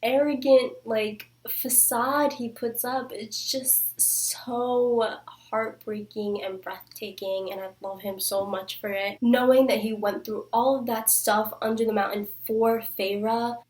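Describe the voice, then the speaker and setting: A woman's voice: a little high, steady tone, takes it slowly, few pauses, a little mellow. A young woman reviewing books in a casual vlog, gushing and saying "like" constantly. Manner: gushing, fills speech with "like". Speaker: book reviewer. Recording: voice a bit far from the mic.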